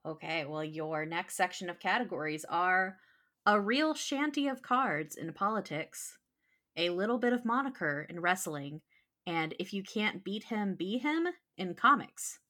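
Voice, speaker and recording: A woman's voice: lowish voice, animated, measured pace, bright, forceful tone. A woman hosting a casual trivia podcast, reading questions aloud and laughing easily. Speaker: trivia host.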